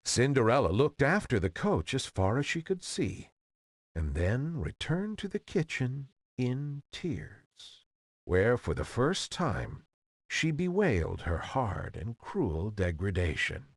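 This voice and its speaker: A man narrating an old fairy tale in an expressive, old-fashioned reading style. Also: medium pitch, takes it slowly, dry recording, clean studio sound. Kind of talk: storybook reading.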